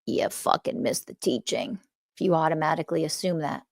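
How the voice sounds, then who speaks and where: In a clean studio recording with no echo, a woman speaks in a low, steady voice, a bit quickly and with vocal fry. She hosts a podcast as a spiritual teacher, ranting bluntly with constant swearing and scornful asides. Her delivery is profane and emphatic, and she mocks other people by putting on voices in quotes.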